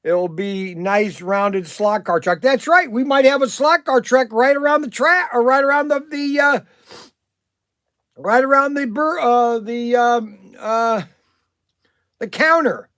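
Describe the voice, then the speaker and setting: Casual livestream host, man, higher voice, rambly and excitable, dry close sound. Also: slow, no echo. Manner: rambling, animated, many restarts and fillers. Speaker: livestream host and shop owner.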